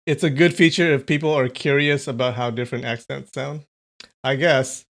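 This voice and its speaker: A man's voice: mid-range voice, steady tone, normal speed, gravelly, fairly bright tone. A man hosting a casual livestream, chatty and thinking aloud, laughing often. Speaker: streamer.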